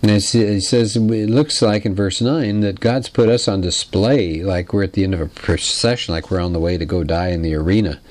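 A man teaching a lecture on literature in a conversational, explanatory way, putting questions to his listeners and clearing his throat now and then. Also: fairly low pitch, moderate pace, hardly any pauses, darkish tone.

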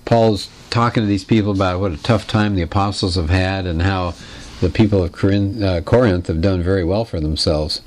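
A man teaching a lecture on literature in a conversational, explanatory way, putting questions to his listeners and clearing his throat now and then. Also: sits low, brisk, a little mellow.

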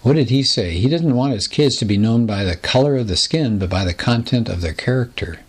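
A man's voice: mid-range voice, lively intonation, brisk, slightly rough. A man teaching a recorded Bible lesson, explaining patterns and reading scripture aloud, often asking his listeners rhetorical questions.

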